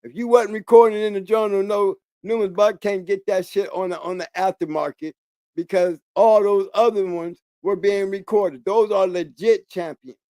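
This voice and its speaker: A man with a notably high speaking voice, talking in a loose, rambling monologue as a channel host. He stresses his points by repeating words and restarting sentences. The sound is dry and close, with no room echo. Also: steady tone, moderate pace, dark tone. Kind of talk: casual monologue.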